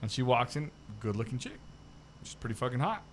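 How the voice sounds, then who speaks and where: A man's voice: medium pitch, sing-song, fairly quick, a little hiss or hum. A man co-hosting a casual podcast, telling a story full of swearing and laughter. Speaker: podcast co-host.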